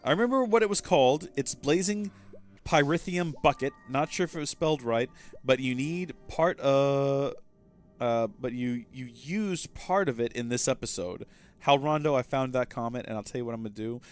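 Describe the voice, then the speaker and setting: A man's voice: mid-range voice, moderate pace, soft background music. Rambling man hosting a game stream. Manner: rambling, self-deprecating, chats with viewers. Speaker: livestream host. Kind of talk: casual gameplay livestream chat.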